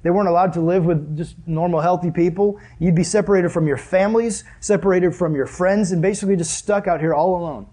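A young man preaches with a slightly husky, fairly high voice. His tone is earnest and conversational, and he poses rhetorical questions to the congregation. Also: steady tone, brisk, few pauses, dark tone. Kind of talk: sermon.

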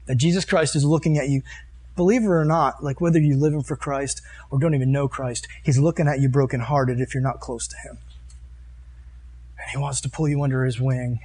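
A man's voice: fairly high pitch, darkish tone, husky. Earnest man preaching a casual sermon. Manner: reads and comments on scripture verses. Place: meeting room with a live audience.

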